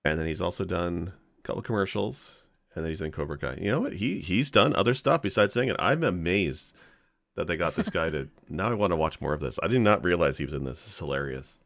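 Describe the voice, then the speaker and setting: A very deep man's voice with a gravelly edge, bouncing all over his range as he chats on a podcast. He laughs often and reacts with open surprise. The sound is dry and close, with no room around it. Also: lively intonation, a little fast, fairly bright tone, no room sound. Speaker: podcast co-host. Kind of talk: casual chat.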